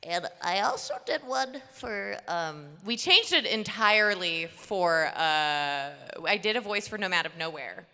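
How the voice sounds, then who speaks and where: A bubbly woman voice actor talking on a convention panel, her voice bright and lively as she laughs through her stories. She is picked up in a big hall with a long, echoing reverb. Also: fairly low pitch, a little slow, hardly any pauses, clear, resonant tone. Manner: bubbly, laughing, rambling anecdotes.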